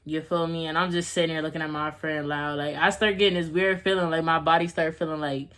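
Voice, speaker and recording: A woman's voice: deep voice, flat delivery, fast talker, fairly bright tone. A young woman vlogging at home, telling a casual story in a rambling, slangy way with laughs.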